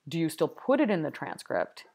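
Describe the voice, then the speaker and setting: A woman's voice: low-pitched, wildly swooping pitch, normal speed, gravelly, darkish tone. A woman giving a recorded university lecture, thinking aloud with frequent ums, uhs and restarts. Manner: hesitant, many ums and restarts.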